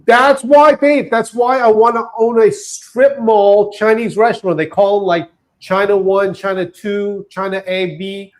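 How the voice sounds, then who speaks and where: A man with a rather high voice co-hosts a loose talk show. He jokes, laughs at his own lines and keeps hammering the same point in playful argument. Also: steady tone, measured pace, few pauses. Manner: joking, laughing, repeats points insistently. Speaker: co-host. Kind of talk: casual comedic banter.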